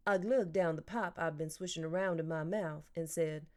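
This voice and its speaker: A woman narrating a children's novel in an even, clear storytelling voice. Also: fairly low pitch, moderate pace, hardly any pauses. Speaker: audiobook narrator. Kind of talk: audiobook reading.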